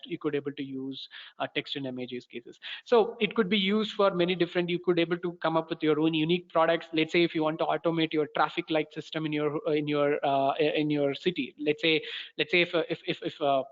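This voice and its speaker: A man's voice: a little high, fairly bright tone. A man with an Indian English accent giving a webinar demo walkthrough as course instructor. He keeps stopping to restart his sentences. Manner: halting, many fillers and restarts. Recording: roomy, dull lo-fi sound.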